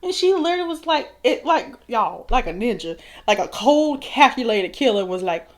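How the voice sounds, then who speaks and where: A woman's voice: on the high side, big pitch swings, moderate pace. A woman in her thirties telling a storytime while doing her makeup, chatty and laughing often. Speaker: vlogger.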